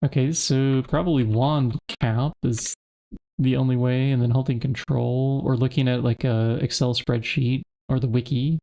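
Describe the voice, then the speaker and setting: Gravelly man thinking aloud while gaming. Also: medium pitch, steady tone, normal speed, dark tone. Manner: thinks aloud, muttering to himself while searching. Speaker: streamer playing a modded game. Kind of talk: casual gameplay commentary.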